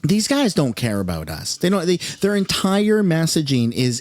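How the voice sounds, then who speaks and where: A man's voice: on the high side, wildly swooping pitch, moderate pace, hardly any pauses, darkish tone, no echo, studio quality. A man from Canada, a commentary host, ranting angrily and with lots of profanity about the state of the country. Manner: angry, profane, exasperated.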